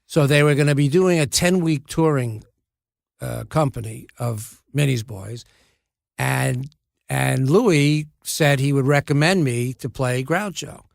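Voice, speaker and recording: A gravelly-voiced man in his seventies spins a wry, self-deprecating story about his early acting work. He talks at an everyday pitch, with restarts and dry humor. The sound is close and dry, with no room echo. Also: unhurried. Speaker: actor, podcast guest. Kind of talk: casual anecdotal storytelling.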